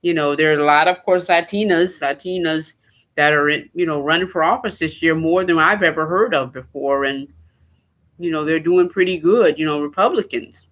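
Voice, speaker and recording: Male podcast host, bright tone, sarcastic off-the-cuff commentary. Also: a little high, normal speed. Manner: rambling, sarcastic, laughs at his own points. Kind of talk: solo political commentary.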